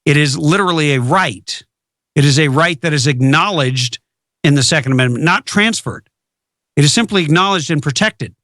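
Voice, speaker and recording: A man's voice: fairly high pitch, normal speed, a bit bright, no room sound, studio quality. A man hosting a political talk radio show, speaking emphatically and repeating words for stress.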